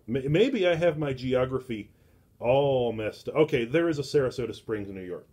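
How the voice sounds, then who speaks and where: A man's voice: medium pitch, animated, darkish tone. A middle-aged man hosting a casual book club, reviewing comics in a rambling way full of filler words and restarts. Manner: slow and deliberate.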